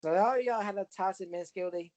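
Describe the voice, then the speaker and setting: A man's voice: high-pitched, fast talker, a little mellow, low-quality recording. A man co-hosting a casual podcast chat, speaking earnestly and with passion. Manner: earnest and impassioned. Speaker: podcast co-host.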